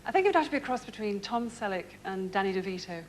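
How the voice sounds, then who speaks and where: A woman's voice: mid-range voice, lively intonation, racing, heavy background noise. Giggly woman contestant from Nottingham. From Nottingham, England. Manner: giggly, chatty and rambling. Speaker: game show contestant. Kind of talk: TV game show chat.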